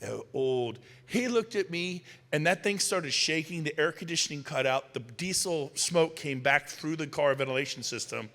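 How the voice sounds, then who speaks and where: A middle-aged man speaking on stage to an audience, telling punchy stories and firing quick questions at the crowd. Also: a little high, lively intonation, fairly bright tone. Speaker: motivational speaker. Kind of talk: energetic stage talk to an audience. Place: large hall. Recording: long reverb in a large hall.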